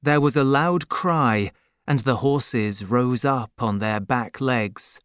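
A narrator reading a chapter of a novel aloud in a measured, expressive storytelling manner. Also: mid-range voice, clean tone, no echo, studio quality. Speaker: audiobook narrator. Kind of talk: scripted narration.

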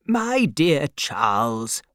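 A man's voice: medium pitch, big pitch swings, drawn-out words, a bit bright, no room sound, studio quality, heavily acted. A man voicing an elderly English banker of nearly eighty, earnest and concerned.

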